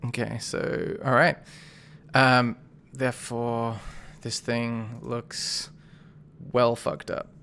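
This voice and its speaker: A man serving as game master for a tabletop game, with a bright, forceful voice at a mid pitch. He narrates combat casually and rambles, leaning on fillers as he works out rolls. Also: flat delivery, drawn-out words, gravelly, clear, resonant tone. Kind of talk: running a tabletop game over voice chat.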